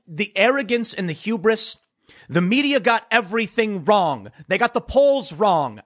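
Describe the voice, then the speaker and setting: High, animated man giving political commentary. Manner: emphatic, repeats words when excited.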